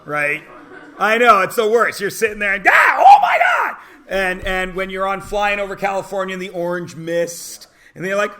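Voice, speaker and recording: A man's voice: high-pitched, sharp tone, a little hiss or hum. A man in his forties teaching a math class in a classroom, chatty and joking with his students. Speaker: high school math teacher. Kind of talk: classroom lecture.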